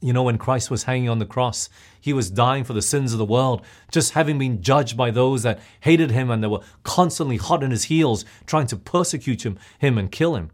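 A man's voice: mid-range voice, normal speed. A man preaching a sermon, often putting questions to his listeners.

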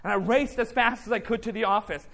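In a fast, gravelly voice that is unusually high and fairly bright, a man preaches his testimony sermon. He acts out his story as back-and-forth dialogue, occasionally calling on the congregation to respond.

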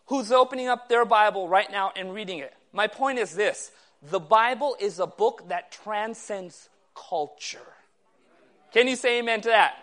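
A man preaching a sermon to a live audience, calling for amens and asking the crowd questions, after a hushed, low opening prayer. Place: meeting hall with live audience.

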